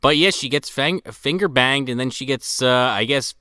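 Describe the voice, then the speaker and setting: A man's voice: mid-range voice, normal speed, bright, forceful tone. A man on a film podcast, recapping scenes in a crude, vivid, casual way.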